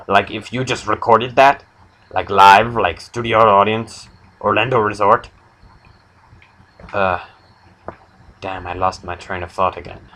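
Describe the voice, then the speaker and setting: A young man hosting an improvised comedy chat, rambling through absurd deadpan jokes. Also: lowish voice, slight background noise, poor audio. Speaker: comedy podcast host.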